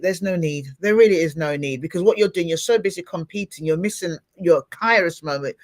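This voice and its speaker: A middle-aged woman hosting a podcast, chatting casually and acting out little scenes as she talks. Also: fairly low pitch. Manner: animated, expressive, acts out little scenes. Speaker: podcast host. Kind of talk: casual interview chat.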